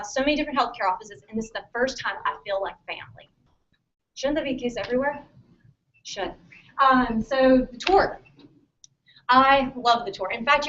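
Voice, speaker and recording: A woman's voice: a little high, fairly bright tone. A woman chiropractor giving a conversational seminar talk to students, often checking in with a questioning "okay?". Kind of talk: practice-building seminar talk. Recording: distant, muffled mic.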